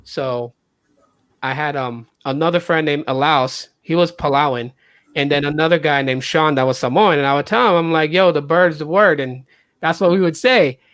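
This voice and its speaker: A man with an animated way of telling a story, who acts out the people he quotes. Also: normal speed, smooth, no echo. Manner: animated, acts out quotes with jumps in pitch and loudness. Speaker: podcast host. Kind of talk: casual storytelling.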